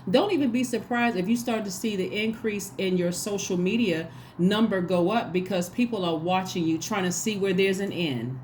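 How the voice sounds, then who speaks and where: A woman's voice: mid-range voice, moderate pace, hardly any pauses, a little mellow, a little hiss or hum. A woman giving a casual tarot reading, talking emphatically and acting out little quoted exchanges. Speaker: tarot reader.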